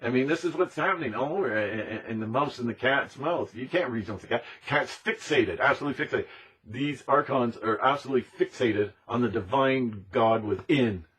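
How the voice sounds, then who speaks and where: A man with a husky, breathy voice delivers an impassioned monologue. He talks emphatically and repeats himself, sometimes slipping into mocking impressions of other people. His pitch sits in an ordinary middle range. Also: a little fast, fairly bright tone. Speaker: speaker on conspiracy topics.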